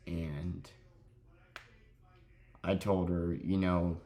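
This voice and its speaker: A young man telling a sad story in a halting, grieving way, close to crying, in a confessional vlog. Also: low voice, fairly even intonation. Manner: halting, heavy with grief, self-critical. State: near tears. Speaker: vlogger.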